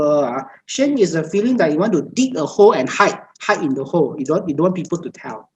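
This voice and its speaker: A meditation teacher, a woman with a low, sing-song voice, gives a Buddhist dharma talk over a video call at a brisk pace. She talks in repetitive, list-like phrases, often stopping on hesitant fillers, with faint noise behind her and poor audio overall.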